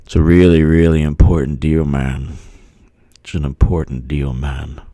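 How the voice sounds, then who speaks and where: A man puts on a low, mumbling old president who sits well below his usual pitch and drawls out every line. He wheedles along lazily, tacking "man" onto his sentences. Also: little pitch movement, normal speed, warm tone, no room sound, clean studio sound. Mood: wheedling. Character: rambling elderly male president, mumbly and wheedling.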